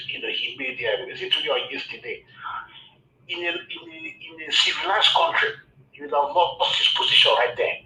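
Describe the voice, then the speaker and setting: A male caller with a very bright, sharp voice hesitates with frequent ums before pressing his point. He sounds far from the phone, and the line has a roomy echo. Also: sits high, gravelly. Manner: hesitant, many ums, then forceful. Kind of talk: call-in commentary. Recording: distant, echoey phone line.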